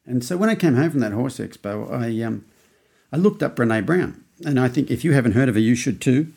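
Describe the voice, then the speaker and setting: A man in his fifties with an Australian accent and a gravelly, creaky edge to his voice talks through a podcast monologue. He rambles along, restarting his sentences and acting out the quotes in his own story. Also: mid-range voice, lively intonation, a little fast, a little mellow. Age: 50s. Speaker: podcast host.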